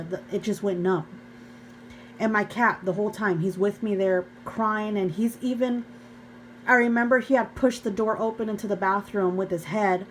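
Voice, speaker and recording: A woman's voice: mid-range voice, slight background noise, low-quality recording. A young woman vlogger earnestly telling an emotional personal story to her viewers, often calling them "you guys". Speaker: faith vlogger.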